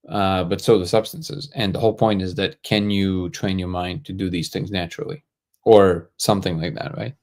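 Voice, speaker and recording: Male livestream host, slightly low pitch, easygoing, thinks aloud while answering chat. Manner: relaxed, thinks aloud, joking asides. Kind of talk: casual live chat answering viewer comments.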